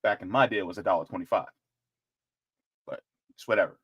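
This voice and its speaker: A man hosting casual political commentary in an animated, joking way, with chatty asides. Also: sits low, fast talker, husky, dull audio.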